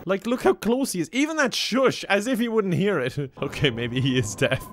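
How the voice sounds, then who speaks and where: A man's voice: sits high, animated, moderate pace, slight background noise. A man in his twenties with an Irish accent, giving sarcastic let's-play commentary, laughing often and swearing casually. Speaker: gaming commentator.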